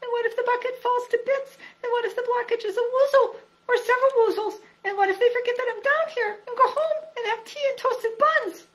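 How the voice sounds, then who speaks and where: A woman doing a squeaky timid little piglet. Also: moderate pace, fairly bright tone, rough recording. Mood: worried whisper. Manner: high squeaky fretful voice. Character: tiny timid male piglet, easily frightened. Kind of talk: reading a storybook aloud.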